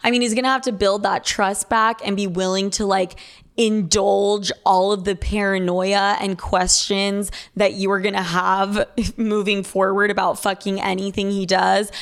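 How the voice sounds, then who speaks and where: A woman's voice: medium pitch, steady tone, normal speed. A young woman who hosts an advice podcast, talking casually in a blunt, profane Valley girl way as she reads listener letters and answers them.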